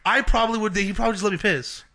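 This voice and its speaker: A man's voice: sits high, fairly even intonation, racing, gravelly, bright, forceful tone. A man chatting casually, cracking profane jokes and interjecting. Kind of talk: casual chat.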